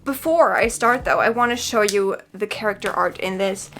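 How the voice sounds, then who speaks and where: A woman's voice: mid-range voice, normal speed, a bit bright, soft background music. A woman book vlogger chatting dramatically to camera from her bedroom, often close to tears. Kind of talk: casual chat to camera.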